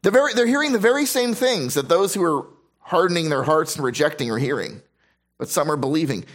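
A man's voice: a little high, expressive, fairly quick. Man preaching a scripture sermon. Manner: reads scripture aloud then explains it, with restarts and emphatic repetition. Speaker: pastor.

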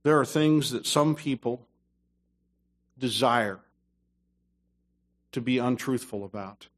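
A man preaching a sermon as pastor, dropping to low asides and rising to loud, emphatic passages. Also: takes it slowly.

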